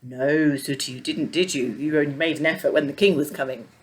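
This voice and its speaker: A woman playing a gentle storybook king. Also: low-pitched, steady tone, a little fast, close to an everyday voice. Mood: firm. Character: kind, fair storybook king.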